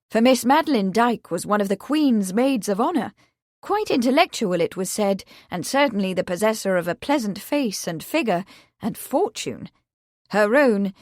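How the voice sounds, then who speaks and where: A woman reading a mystery novel aloud in an expressive, clear way. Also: mid-range voice, no room sound, studio quality. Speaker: audiobook reader. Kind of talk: scripted narration.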